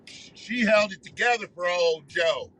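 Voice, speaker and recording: A man's voice: high-pitched, measured pace, sharp tone, low-quality recording. A man ranting profanely on a livestream while driving his car. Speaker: livestream host. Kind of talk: casual ranting monologue.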